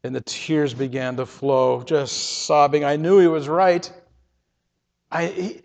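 High-voiced man telling an emotional story. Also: fairly even intonation, vocal fry, a little mellow. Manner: earnest, halting, repeats words. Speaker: storyteller giving a testimony. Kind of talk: emotional first-person storytelling. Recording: reverberant, dull lo-fi sound.

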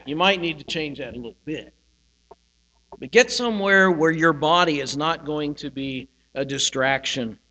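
A man's voice: a little high, fairly bright tone. Man preaching in an echoing hall. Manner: slow, reflective teaching with pauses on single words. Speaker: pastor. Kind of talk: sermon. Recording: hall reverb with mains hum.

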